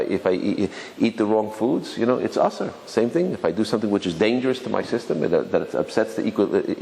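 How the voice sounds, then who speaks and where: A man's voice: fairly low pitch, creaky, a little mellow. A male rabbi teaching a live Torah class. He asks the audience rhetorical questions, and he often restarts and repeats words as he talks. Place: lecture room with an audience. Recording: reverberant hall with faint noise.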